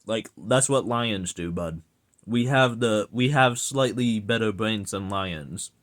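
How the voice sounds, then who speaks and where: A man's voice: fairly low pitch, takes it slowly, a bit bright. A young man giving a casual, profane rant to his audience, exasperated and sarcastic. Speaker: vlogger ranting.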